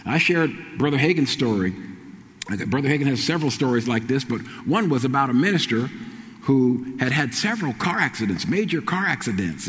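A man's voice: medium pitch, a bit bright. Middle-aged man, pastor, storytelling sermon, acts out quotes, reverberant sanctuary. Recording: long hall reverb.

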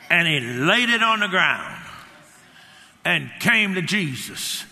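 An older man delivers an emphatic sermon, acting out quotes and drifting into personal stories. His voice sits a little high and rings sharp and forceful, with a long reverb from a large hall. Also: sing-song, slow pace. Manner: emphatic, acts out quotes, rambling anecdotes. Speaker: preacher.

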